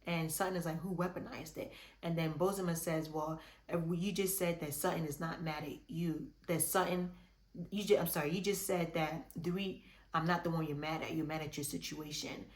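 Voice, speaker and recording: A woman's voice: deep voice, fairly even intonation, moderate pace, echoey room. A woman giving a chatty, opinionated recap of a reality show, full of restarts and fillers. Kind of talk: casual recap commentary.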